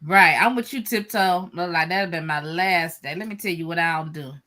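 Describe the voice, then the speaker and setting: A woman from Michigan telling stories in a dramatic, animated way during a casual gardening chat. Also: lowish voice, normal speed. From Michigan, USA. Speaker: panel guest.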